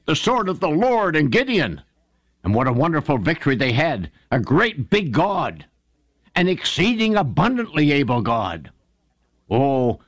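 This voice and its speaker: A man preaching a sermon and retelling Bible stories with fervour, rising sharply in pitch to stress points and calling his listeners friends. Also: fairly bright tone, no room sound. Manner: fervent storytelling preacher, swings pitch up for emphasis.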